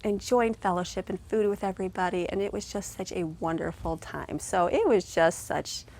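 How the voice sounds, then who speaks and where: A woman's voice: mid-range voice, moderate pace, a little mellow. A middle-aged woman talking in a casual vlog, earnest and emotional, rambling with many restarts and heartfelt thanks. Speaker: vlogger and mother.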